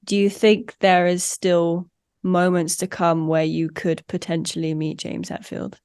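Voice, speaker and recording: A woman's voice: lowish voice, level tone, measured pace, a little mellow, smooth, no room sound, studio quality. Chatty woman hosting a podcast. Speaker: podcast host. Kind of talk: casual interview chat.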